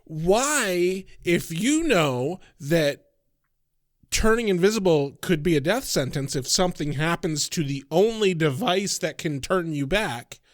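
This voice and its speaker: A man's voice: fairly high pitch, animated, measured pace, no echo, clean studio sound. Exasperated, swearing man on a podcast. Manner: profane, exasperated critic. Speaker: podcast co-host. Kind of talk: casual podcast review chat.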